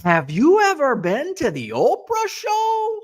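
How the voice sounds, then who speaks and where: Man putting on a young woman bartender, chatty, sing-song drawn-out vowels, high falsetto-ish voice. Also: animated, gravelly, full character voice. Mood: curious. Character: young woman bartender, chatty, thick Upper Midwest drawl.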